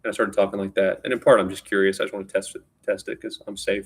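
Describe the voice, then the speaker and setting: A man's voice: on the low side, fairly even intonation, rapid-fire, gravelly, few pauses, breathy edge. A man telling a rambling personal story in a casual spoken style, often restarting and repeating words.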